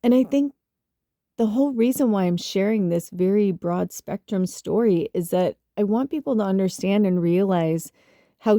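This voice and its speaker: A woman's voice: medium pitch, mellow, no echo, studio quality. A woman from the Chicago suburbs, telling a rambling, profanity-laced story on her spiritual podcast, full of fillers and laughs. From Chicago suburbs, US Midwest. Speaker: spiritual medium podcast host. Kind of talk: casual storytelling monologue.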